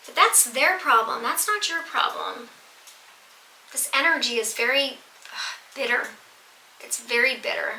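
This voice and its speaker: A woman's voice: sits high, lively intonation, a little slow, pauses often, sharp tone. A woman giving a tarot reading to her viewers, earnest and emphatic, repeating phrases for stress. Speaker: tarot reader. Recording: echoey room with faint noise.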